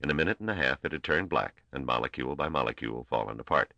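Very deep-voiced male narrator. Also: expressive, fast, gravelly, bright, forceful tone, no room sound, highs cut off. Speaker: audiobook narrator. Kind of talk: scripted narration.

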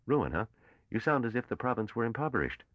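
A man voicing a brash, suspicious young male space trader with a sharp, probing manner. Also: sits low, sing-song, a little fast, no room sound, dull audio, full character voice. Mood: pushy.

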